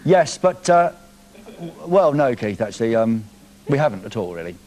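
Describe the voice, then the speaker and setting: A man's voice: medium pitch, big pitch swings, moderate pace, a little mellow. A man hosting a live TV show from a studio, teasing a caller in a cheeky way. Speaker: TV presenter. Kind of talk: live TV banter.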